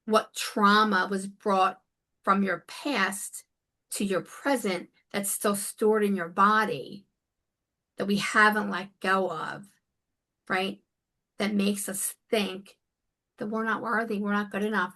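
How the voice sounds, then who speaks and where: A woman's voice: mid-range voice, fairly even intonation, slow, pushed and bright. A woman life coach speaking as a guest in a conversational interview, earnest and emphatic. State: near tears.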